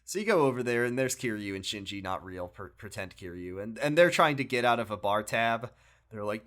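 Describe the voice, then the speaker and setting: A podcast co-host with a fairly low-pitched voice talks at a moderate pace. His retelling of a video game story is casual and animated, punctuated by laughter and acted-out character lines.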